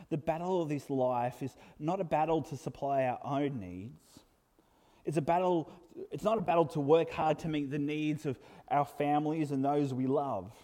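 Preacher, man, earnest sermon delivery, warm mellow tone, soft asides and emphatic peaks, church-hall reverb. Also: a little high.

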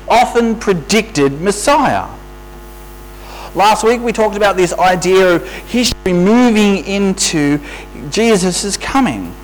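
Lively, high-voiced male preacher. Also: rough recording. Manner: conversational, asks the listeners rhetorical questions. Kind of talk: sermon. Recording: faint mains hum.

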